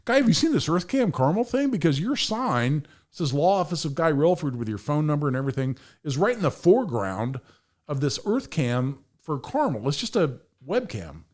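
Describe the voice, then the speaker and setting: His voice on the high side, very animated and darkish in tone, a middle-aged podcast guest and firearms attorney tells a story at a moderate pace. The telling is emphatic and profane, with him voicing the people in it.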